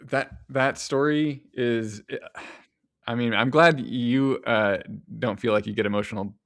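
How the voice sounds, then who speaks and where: A man hosting a podcast interview, soft-spoken and hesitant as he asks questions. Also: medium pitch, measured pace, no room sound, clean studio sound. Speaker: podcast host.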